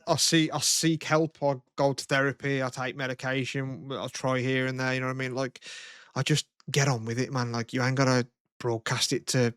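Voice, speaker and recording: A man's voice: level tone, normal speed, fairly bright tone, smooth, no room sound, studio quality. A young man co-hosting a podcast, swearing casually and laughing often. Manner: sweary, laughs often, mimics others in high voice. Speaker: podcast co-host. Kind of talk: casual chat.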